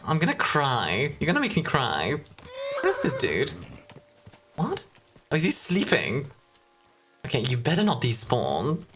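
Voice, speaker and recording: A woman's voice: very deep voice, wildly swooping pitch, unhurried, long pauses, fairly bright tone. A young woman streaming a game in casual chat, playful and self-mocking, often breaking into laughter.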